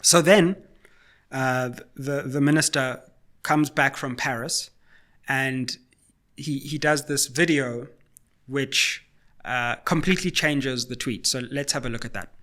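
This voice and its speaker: A man from Africa, hosting a solo political commentary and arguing point by point in a questioning, measured way. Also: medium pitch, steady tone, bright, forceful tone. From South Africa.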